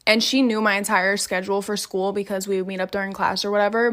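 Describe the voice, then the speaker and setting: A woman narrates a casual storytime in a chatty way, dropping "like" fillers and casual swears. Her voice sits at a middle pitch. The sound is dry and close, as if into a phone. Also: level tone, fast talker, hardly any pauses, fairly bright tone, dry recording.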